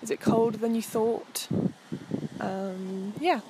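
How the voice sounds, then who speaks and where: A woman's voice: mid-range voice, steady tone, takes it slowly, very noisy. A young woman hosting a walk, narrating casually outdoors on a coastal path in a chatty, meandering way with frequent ums. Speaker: host. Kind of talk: casual narration while walking.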